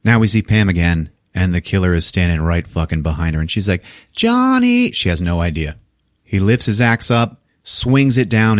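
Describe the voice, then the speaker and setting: A man hosting a podcast, retelling a film plot in a casual, animated and profane way and acting out the characters. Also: low-pitched, dry recording, studio quality. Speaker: podcast host.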